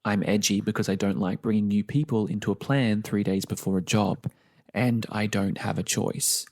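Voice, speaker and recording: Man reading gruff tough woman, storybook figure, flat, curt, gravelly. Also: lowish voice, normal speed, dry recording, studio quality, close to an everyday voice.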